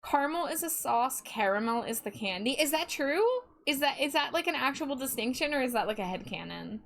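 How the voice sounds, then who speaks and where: This is a young woman with a Midwestern accent and a slightly high voice, talking to her live chat while she streams. She is chatty and playful, and she giggles often between her thoughts. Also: animated, fairly quick, creaky, a bit bright. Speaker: livestreamer.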